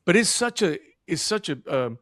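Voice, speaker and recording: A man talking about fatherhood as a podcast guest, in an earnest, animated storytelling way. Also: high-pitched, normal speed, no room sound, clean studio sound. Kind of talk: casual podcast conversation.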